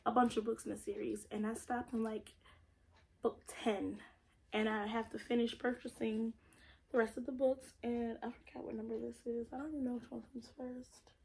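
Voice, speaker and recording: A woman's voice: on the high side, flat delivery, moderate pace, gravelly, darkish tone, a little hiss or hum, rough recording. A young woman vlogger chatting casually and bluntly about her books, with the odd swear word. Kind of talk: casual book haul vlog.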